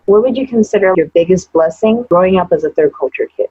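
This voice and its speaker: A woman from Taiwan hosting an interview, chatty and expressive as she asks questions. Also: fairly low pitch, fast talker, breathy edge, no echo. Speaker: host. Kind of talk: casual interview chat. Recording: dull, dry, lo-fi recording.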